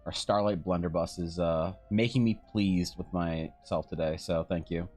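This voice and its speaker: Over soft background music, a man speaks at normal speed in a low, steady, darkish voice. Drawing on a live art stream, he chats casually, rambling through stories, cursing freely and often laughing.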